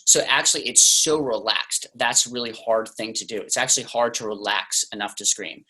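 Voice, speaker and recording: A man's voice: mid-range voice, fairly quick, hardly any pauses, pushed and bright, poor audio. A young man talking casually as an interview guest, loose and chatty with lots of "like" fillers.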